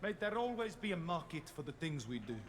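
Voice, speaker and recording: A silky, self-assured crime lord in a video game, his voice sitting a touch higher than most men's. He savours every word with quiet menace. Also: big pitch swings, fairly quick, a faint crowd. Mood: menacing. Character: smooth arrogant male crime lord host. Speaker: game character.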